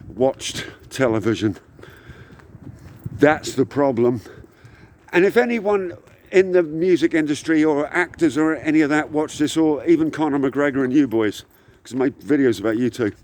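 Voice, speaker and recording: A man's voice: fairly high pitch, darkish tone. A man in his sixties from England, a rock musician delivering a heated, rambling monologue to camera with frequent hesitations. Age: 60s.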